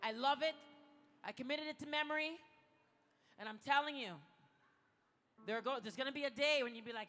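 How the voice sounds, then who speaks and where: A woman's voice: high voice, fairly quick, pauses often, a bit bright. A woman giving a playful motivational speech at a gala and leading the audience through spoken mantras. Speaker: gala speaker. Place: large event hall. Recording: echoey hall with music.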